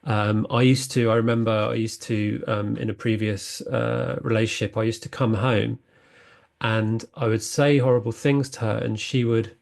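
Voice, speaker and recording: A man's voice: mid-range voice, little pitch movement, creaky, darkish tone. A man hosting a spiritual podcast, talking in an earnest, reflective monologue that halts often with fillers and restarts. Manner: halting, with many fillers and restarts.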